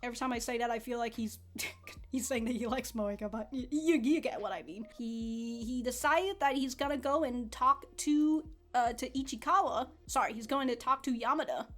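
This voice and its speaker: A woman giving casual, excitable commentary on an anime episode, swearing and laughing freely. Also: fairly high pitch, moderate pace.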